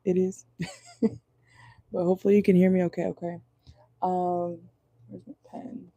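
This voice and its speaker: A hoarse woman whose voice is going out, chatting casually as she reads viewer comments during a live tarot reading. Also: fairly low pitch, level tone, normal speed, mellow, no room sound, dull audio. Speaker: tarot reader. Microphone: phone or laptop in a car.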